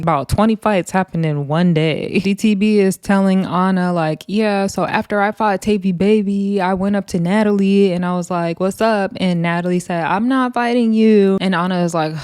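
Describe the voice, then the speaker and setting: A woman's voice: lowish voice, darkish tone, dry recording, studio quality. A young woman casually recapping a reality show, gossipy and laughing as she retells scenes in quoted voices.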